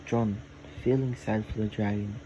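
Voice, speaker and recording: A man narrating a made-up fantasy story in a slow, halting, plain delivery. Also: on the low side, fairly even intonation. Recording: loud air conditioning hum. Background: air conditioning.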